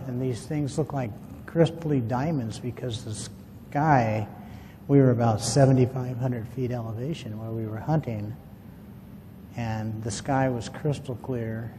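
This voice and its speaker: A man's voice: mid-range voice, fairly even intonation, moderate pace, mellow, in a large hall, slight background noise. A man casually telling a rambling, folksy story about a past experience to a group of listeners. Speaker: UFO witness telling his story.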